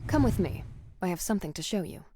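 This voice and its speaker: A hushed, mysterious game guide. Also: female voice, lowish voice, wildly swooping pitch, normal speed, slight background noise. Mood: urgent.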